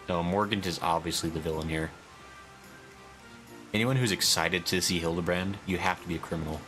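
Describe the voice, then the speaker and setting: A man's voice: low-pitched, fairly even intonation, brisk, long pauses, fairly bright tone, faint music behind. A man streaming a video game, chatting casually and reading viewers' messages aloud. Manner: chatty, reads chat aloud.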